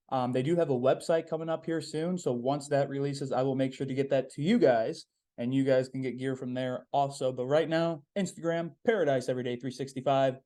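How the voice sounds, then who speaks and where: This is a casual solo podcast monologue from a young male host with a fairly high, mellow voice. His delivery is relaxed and cheerful but wandering, full of "um"s and repeated wording.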